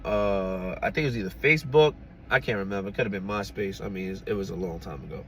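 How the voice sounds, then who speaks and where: A man's voice: fairly low pitch, fast talker, fairly bright tone, slight background noise. A man telling a personal story in a casual storytime, chatty and laughing, often checking in with "you know what I'm saying".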